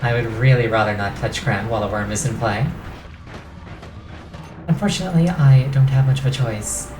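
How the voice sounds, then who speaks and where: Tired woman streaming a game, really deep voice, walks through the mechanics, echoey room. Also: normal speed. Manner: explains game mechanics in detail. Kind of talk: gameplay commentary. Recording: roomy echo with game music.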